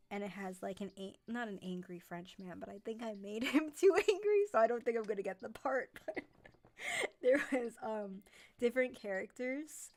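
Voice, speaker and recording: Рассеянно болтающая молодая женщина-стример. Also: female voice, medium pitch, a little mellow. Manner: rambling, chatty, many fillers and self-corrections. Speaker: streamer and narrator. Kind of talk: casual live-stream chat.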